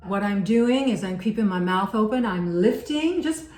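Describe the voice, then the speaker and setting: In a vocal lesson, a woman with a mid-range voice and lively intonation talks at a moderate pace, conversational and encouraging, pausing to sing vowels as demonstrations. The room echoes, with faint background noise.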